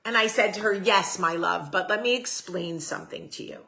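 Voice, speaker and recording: A woman's voice: medium pitch, fairly quick, vocal fry, sharp tone. A woman hosting a casual livestream, chatting straight to her viewers, answering their comments aloud and swearing casually. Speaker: host.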